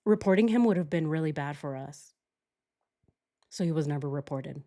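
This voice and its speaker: A young adult woman streamer telling a personal story in casual chat, candid and animated, acting out shouted quotes. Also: low voice, normal speed.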